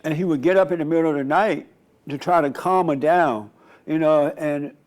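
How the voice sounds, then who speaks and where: A male pastor with a somewhat high voice delivers a loose, conversational sermon. He tells stories in a rambling way and often restarts his sentences. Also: normal speed, darkish tone. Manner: rambling, storytelling, frequent restarts. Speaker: pastor and radio host.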